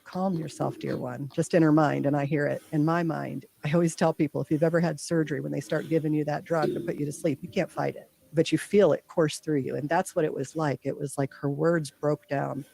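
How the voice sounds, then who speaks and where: A woman guest earnestly recounting a deeply personal experience, acting out her own thoughts in quotes. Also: steady tone, brisk, vocal fry, few pauses, dark tone. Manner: earnest, heartfelt. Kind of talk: personal storytelling.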